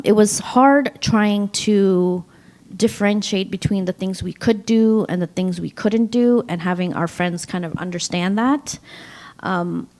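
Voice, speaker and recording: Gravelly-voiced woman with a New York accent. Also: medium pitch, darkish tone. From Afghanistan. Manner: chatty, laughs often, many ums. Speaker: panelist. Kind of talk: panel discussion. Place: synagogue hall.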